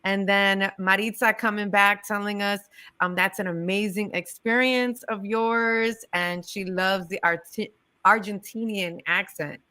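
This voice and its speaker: A woman's voice: mid-range voice, steady tone, unhurried, bright, forceful tone, clear, resonant tone. A woman from the Chicago area hosting a casual interview, affirming her guest and reading out chat messages. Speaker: host.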